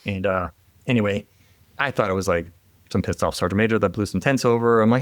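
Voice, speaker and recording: A middle-aged man, a former military helicopter pilot, telling a war story as a podcast guest in a casual, animated way, laughing and restarting often. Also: fairly low pitch, fast talker.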